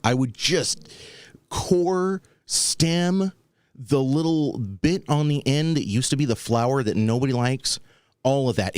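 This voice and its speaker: A man with a mid-range voice hosts a podcast talk show, recorded in studio quality without echo. He delivers a wry, rambling comedic story casually, acting out each person he quotes.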